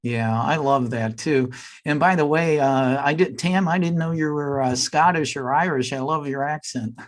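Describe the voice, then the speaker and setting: A man's voice: fairly high pitch, moderate pace. A man hosting a podcast interview, friendly and a little hesitant, with fillers and restarts. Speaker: podcast host.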